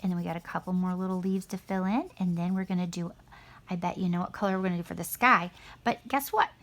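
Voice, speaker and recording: Woman, middle-aged, art teacher, kids' painting lesson, encouraging, chatty, slightly gravelly. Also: on the low side, steady tone, fast talker, a bit bright. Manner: chatty, encouraging, talks to children.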